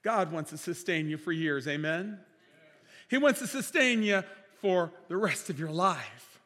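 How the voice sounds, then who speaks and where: A man preaching a sermon as pastor, impassioned, swinging between loud declarations and quiet storytelling. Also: on the high side, lively intonation, unhurried. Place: church sanctuary. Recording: reverberant church hall.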